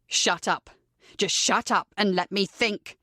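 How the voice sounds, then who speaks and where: A woman's voice: mid-range voice, slow, sharp tone, dry recording, clean studio sound, pitched below the performer's own voice. A woman reading an audiobook, voicing a cruel, foul-mouthed young man who taunts his captive with contempt. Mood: menacing. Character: cruel sneering young man, villainous captor.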